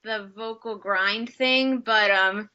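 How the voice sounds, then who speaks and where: Over slightly muffled video-call audio, a young actress from the United States talks as a guest in a casual interview chat, upbeat and filler-heavy. She speaks slowly at medium pitch, with a bright, forceful tone.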